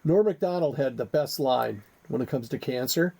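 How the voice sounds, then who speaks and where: A man's voice: medium pitch, moderate pace, creaky, mellow. A man co-hosting a comedy podcast, chatting casually with a joking, rambling, teasing manner. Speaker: podcast co-host.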